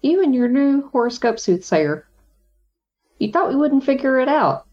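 A woman's voice: high voice, big pitch swings, normal speed. A woman reading a scripted horoscope in a sarcastic, mock-sweet way. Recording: dull lo-fi sound.

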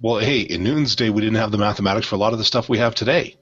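A man's voice: on the low side, rapid-fire, fairly bright tone, slightly rough. A man in a casual discussion, talking in a rambling, irreverent and jokey way. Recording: dull lo-fi sound.

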